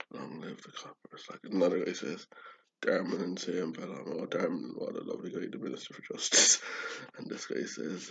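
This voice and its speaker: A man's voice: deep voice, creaky, husky. A man casually rambling through his own cartoons, swearing and laughing at his own jokes. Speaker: podcast host explaining his cartoons. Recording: dull lo-fi recording.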